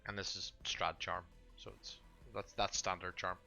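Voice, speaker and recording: A man's voice: sits low, level tone, normal speed, creaky, pushed and bright, soft background music. A man narrating as game master of a tabletop game, often hesitant and muttering to himself.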